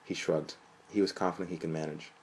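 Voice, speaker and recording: A young man reading a story aloud in an even, flat manner, lifting his voice for quoted lines. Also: extremely low pitch, fast talker, husky, rough recording. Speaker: narrator.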